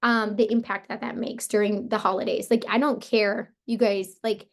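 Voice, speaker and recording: A woman with a hoarse, partly lost voice, coaching her sales team on a motivational call in a casual, upbeat way, full of "like" and "you guys". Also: mid-range voice, little pitch movement, moderate pace. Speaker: team leader coaching sellers.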